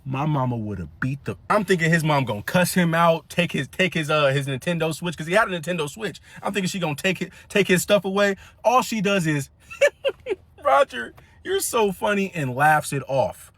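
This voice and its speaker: A young man telling a funny story in a casual, animated way, laughing often and acting out other people. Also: a little high, brisk, few pauses, no echo.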